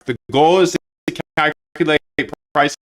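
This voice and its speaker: A man's voice: fairly high pitch, fairly even intonation, measured pace. A man streaming while he codes, talking to himself and his chat in a slangy, casual way and calling everyone dude. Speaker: streamer coding a trading bot. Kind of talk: casual live-stream self-talk.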